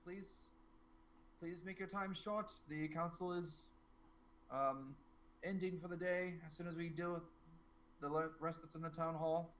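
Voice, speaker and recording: A man's voice: fairly high pitch, fairly even intonation, unhurried, long pauses, fairly bright tone, slight background noise, pitched above the performer's own voice. A man voicing an impatient male council advisor who speaks curtly.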